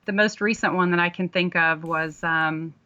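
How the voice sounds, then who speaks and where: A woman's voice: on the low side, steady tone, normal speed, sharp tone, dull audio. A woman who works as an ER nurse, a guest on a podcast, telling a patient story in an earnest, reflective way. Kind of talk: conversational interview.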